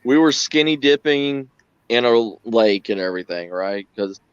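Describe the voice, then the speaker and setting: A man's voice: normal speed, clear, resonant tone, no echo, muffled recording. A man telling a story in a casual chat, acting out the voices in the story and swearing freely. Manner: animated, acts out quoted lines with big pitch jumps, swears.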